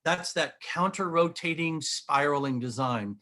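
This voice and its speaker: A man's voice: a little high, measured pace, pushed and bright. A middle-aged man giving an earnest, enthusiastic explanation of geometric models as an interview guest. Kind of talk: animated explanation while showing models.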